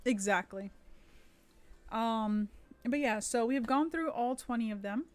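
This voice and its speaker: A woman's voice: fairly high pitch, unhurried, a little mellow, no room sound. A woman who runs tabletop games, chatting casually on a live stream, rambling with many fillers and restarts. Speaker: streamer and dungeon master.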